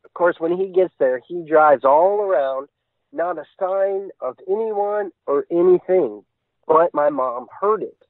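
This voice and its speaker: A fairly high-voiced man tells his story with earnest urgency, stringing moments together in long run-on chains. He comes through a thin, narrow phone line with a dry, close sound. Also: measured pace, no echo. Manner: earnest, tumbling run-on retelling. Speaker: guest recounting an encounter. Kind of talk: casual storytelling.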